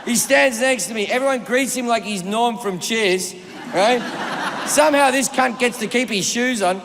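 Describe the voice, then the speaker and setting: A man with an Australian accent works a live stand-up set, spinning a rambling, profane anecdote and acting out everyone in it. His voice sits high and gravelly. The sound comes from a reverberant venue with loud ambience behind him. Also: normal speed, a crowd in the background, noisy background. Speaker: stand-up comedian. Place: comedy stage before a live audience.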